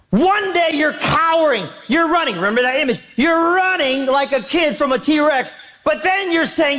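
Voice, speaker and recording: Male pastor, very high voice, lively swings in pitch, emphatic sermon delivery. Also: a little slow. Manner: animated, emphatic preaching with rhetorical questions.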